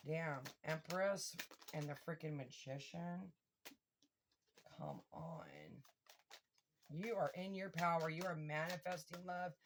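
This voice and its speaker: A woman giving a casual tarot reading to her viewers, excitable and swearing freely as she talks directly to them. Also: deep voice, slow, long pauses, noisy background. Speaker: tarot reader.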